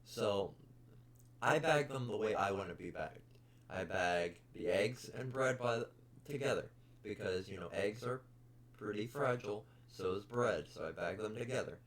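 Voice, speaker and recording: A young man hosting a casual podcast, bluntly ranting about customers with plenty of swearing. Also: lowish voice. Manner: blunt, profane, exasperated. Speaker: podcast host. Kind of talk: casual storytelling rant.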